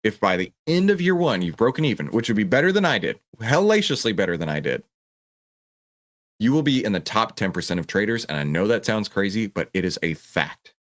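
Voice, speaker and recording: A man's voice: fairly low pitch, a little fast. A man hosting a livestream Q&A, talking with passion and acting out voices of other people. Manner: passionate, animated, mimics a panicking trader. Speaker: host answering viewer questions. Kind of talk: livestream Q&A on stock trading.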